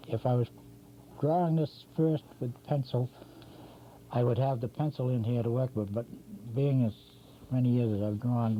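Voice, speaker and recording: An older man demonstrating cartoon drawing, talking casually and correcting himself as he works. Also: mid-range voice. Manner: rambling, talks while drawing, self-correcting. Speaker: drawing instructor. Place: local TV studio. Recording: dull lo-fi 1990s community TV audio with faint hum.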